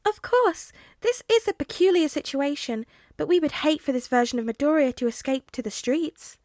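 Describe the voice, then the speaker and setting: A woman's voice: sits high, normal speed, darkish tone, no echo, clean studio sound, voice pushed up, close to an everyday voice. A woman doing a chirpy polite little animal principal. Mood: genial. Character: small polite white rodent principal, male.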